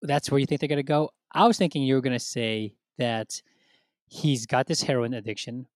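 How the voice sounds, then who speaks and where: A man's voice: medium pitch, fairly quick, dry recording. A man co-hosting a casual podcast chat, rambling with many fillers and acting out quotes. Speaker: podcast co-host.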